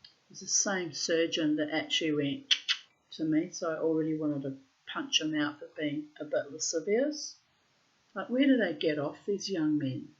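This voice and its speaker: A woman's voice: deep voice, normal speed, lo-fi sound. A woman reading her old diary posts aloud and commenting on them bluntly, with frequent swearing.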